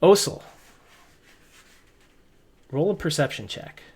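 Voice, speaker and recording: A man narrating as game master, relaxed and rambling with many restarts. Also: a little high, takes it slowly, slight background noise.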